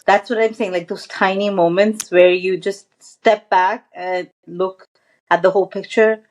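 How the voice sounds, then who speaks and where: A woman's voice: mid-range voice, steady tone, a little slow. A woman mindfulness coach as a podcast guest, talking earnestly and reflectively, often restarting her sentences. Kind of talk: casual interview chat.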